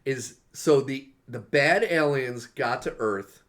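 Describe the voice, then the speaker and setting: A man co-hosting a casual film review podcast, retelling scenes with animated delivery and casual swearing. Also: mid-range voice, takes it slowly. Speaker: podcast co-host. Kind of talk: casual chat.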